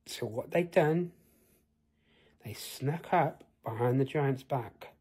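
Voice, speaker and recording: A man's voice: mid-range voice, slow pace, dark tone, husky. A man telling an improvised fantasy tale in a rambling way, asking the listener questions. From United Kingdom. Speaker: storyteller.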